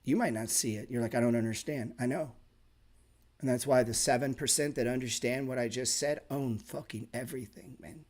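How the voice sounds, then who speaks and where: Man, trading teacher, blunt, profane, emphatic, sarcastic, casual live class, mid-pitched voice. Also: moderate pace, a little mellow. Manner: sarcastic asides.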